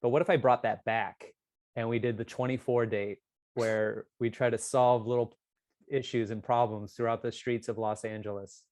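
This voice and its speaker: A man co-hosting a comedy podcast in casual banter, excitable and teasing, his voice leaping up whenever a joke lands. His pitch sits in an ordinary middle range, and the sound is dry and close with no room around it. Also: moderate pace, dry recording. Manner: excitable, teasing, jumps up in pitch when joking. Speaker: podcast co-host. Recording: dry close mic on video call.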